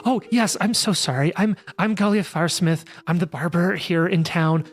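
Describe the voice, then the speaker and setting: A man's voice: high voice, moderate pace, soft background music, close to an everyday voice. A man voicing an anxious woman village barber who stammers and gushes with relief. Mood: frantic relief.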